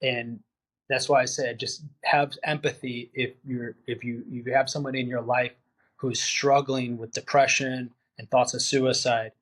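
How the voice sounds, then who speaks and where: A man's voice: mid-range voice, level tone, unhurried, a bit bright. A man talking candidly as a podcast guest and veteran, earnest and plain-spoken, acting out his friends' words as he tells the story. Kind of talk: candid interview conversation.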